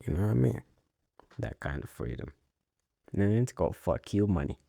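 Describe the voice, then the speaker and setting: A man's voice: low voice, sing-song, moderate pace, gravelly, warm tone, no echo, studio quality. A man hosting a casual solo talk show, rambling in a laid-back way, swearing often and laughing at his own jokes. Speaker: podcast host.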